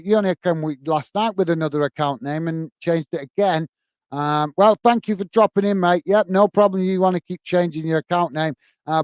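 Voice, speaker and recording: A man hosting a live stream, reading viewers' comments in a hurried, chummy way full of fillers, calling everyone mate. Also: fairly high pitch, darkish tone, no echo. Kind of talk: casual live-stream chat.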